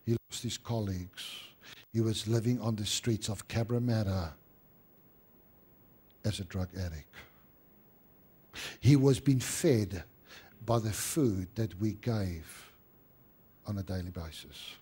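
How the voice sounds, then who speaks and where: A man preaching a sermon as pastor, rising to emphatic stress and dropping to hushed tones. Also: lowish voice, slow pace, pauses often, slightly rough.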